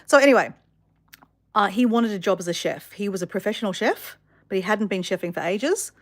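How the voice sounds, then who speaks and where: A woman telling a story to her viewers in a chatty, animated way with many fillers. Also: medium pitch, fairly quick. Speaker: vlogger.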